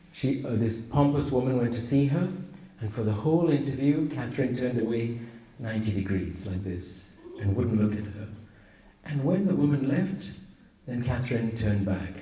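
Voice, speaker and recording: A priest giving a humorous sermon, teasing with rhetorical questions. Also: male voice, mid-range voice, dark tone, far from the mic. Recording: roomy echo, voice from afar.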